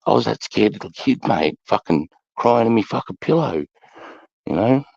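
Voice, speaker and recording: A man's voice: fairly low pitch, lively intonation, moderate pace, gravelly, darkish tone, breathy edge, dry recording. A middle-aged Australian man, an army veteran hosting a casual chat, telling stories bluntly with heavy swearing. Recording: dull lo-fi sound.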